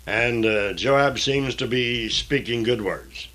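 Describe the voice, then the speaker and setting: A man reading scripture aloud in a deliberate, old-fashioned diction, stopping now and then for plain explanatory asides. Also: mid-range voice, pushed and bright. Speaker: Bible reader and teacher.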